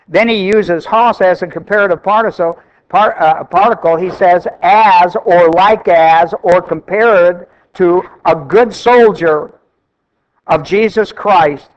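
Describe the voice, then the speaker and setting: High-voiced man preaching a sermon. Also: highs cut off. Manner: emphatic, repeats phrases for stress. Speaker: pastor.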